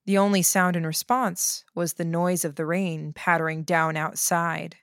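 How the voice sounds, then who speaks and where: A woman reading a first-person novel aloud in a steady, measured way. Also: fairly low pitch, no room sound, studio quality. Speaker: audiobook narrator.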